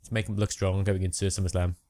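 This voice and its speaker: A young man co-hosting a podcast, chatting casually about wrestling with a relaxed, hesitant manner and frequent laughs. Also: sits low, fast, no room sound, studio quality. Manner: laid-back, laughs often, hesitant with ums. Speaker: podcast co-host.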